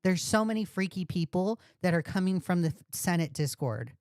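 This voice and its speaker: A woman's voice: lowish voice, animated, moderate pace, a little mellow, no echo, studio quality. A woman host ranting on a commentary livestream, profane and indignant, repeating insults. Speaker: commentary streamer.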